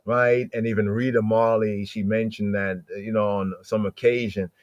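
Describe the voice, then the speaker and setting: A man's voice: fairly low pitch, flat delivery, normal speed, dry recording, highs cut off. A man hosting a podcast, teaching scripture in a loose conversational way and repeating words for emphasis. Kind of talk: casual Bible teaching talk.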